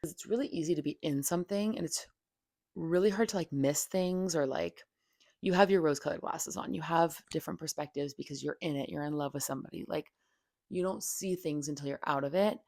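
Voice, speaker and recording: A young woman hosts her own podcast in a candid, opinionated monologue. Her voice sits low and carries a gravelly fry. The sound is close and dry, and her delivery is frank, casual and full of fillers and swearing. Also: a little fast, darkish tone, no echo. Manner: blunt and frank, heavy filler "like", swears freely. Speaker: podcast host.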